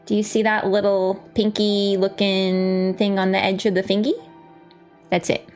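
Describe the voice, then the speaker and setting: A woman's voice: medium pitch, moderate pace, soft background music. A woman streamer casually telling a story during a game livestream, laughing and swearing freely. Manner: lively, laughing, swears casually, acts out voices. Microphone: webcam setup.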